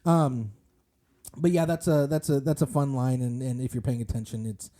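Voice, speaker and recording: A podcast co-host chats casually about a movie in a warm, mid-range voice with fairly even intonation and normal speed. He rambles, filling the talk with fillers and restarts.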